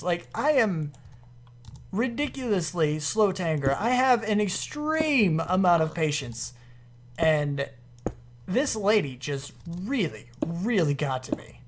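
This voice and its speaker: A man telling a long personal story while playing a game on his channel, animated and full of restarts, into a desk microphone at home. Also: high-pitched, slight background noise. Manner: rambling, animated anecdote with many restarts. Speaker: gaming YouTuber.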